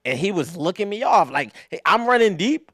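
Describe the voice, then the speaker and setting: A young man with a high voice hosts a casual podcast chat. He tells sports stories with animated energy, lots of swearing and big laughs. The mic is close and dry. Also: a little fast, no echo. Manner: animated storyteller, swears freely, laughs loudly. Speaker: podcast co-host.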